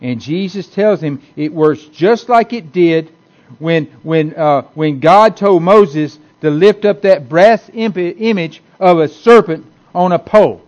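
A man delivers a folksy sermon with a notably high voice, circling back and repeating his points in a loose, conversational way. The recording is dull and lo-fi, with muffled highs. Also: slow, a little mellow. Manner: folksy, repetitive, conversational preaching with many restarts. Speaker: preacher. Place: church hall with a congregation.

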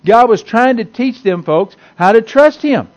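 A man's voice: very high-pitched, animated, measured pace. A man preaching a sermon to a congregation in a folksy, conversational way, repeating himself and restarting often. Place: church hall with a congregation.

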